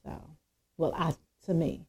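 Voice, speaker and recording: A woman co-hosting a podcast, talking in a casual, animated way and acting out quoted speech. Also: a little slow. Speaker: podcast co-host. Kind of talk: casual chat. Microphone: podcast microphone.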